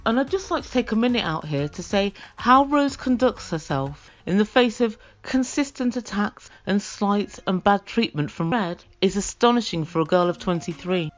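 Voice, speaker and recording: A woman hosting a comedic reality TV review, sarcastic and given to acting out the quotes. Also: mid-range voice. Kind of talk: comedic recap commentary. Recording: dull lo-fi recording with faint music.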